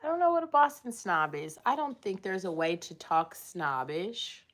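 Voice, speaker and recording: A woman's voice: medium pitch, animated, normal speed, a bit bright. A woman hosting a casual livestream, rambling and chatting as she reads and answers viewer comments from home. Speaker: livestream host. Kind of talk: casual live chat.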